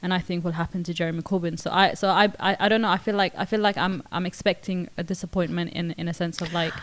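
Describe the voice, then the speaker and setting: Talking fast in a steady, low-ish tone, a young podcast co-host muses her way through casual chat, pausing hesitantly and starting over many times. A little hiss or hum sits in the recording.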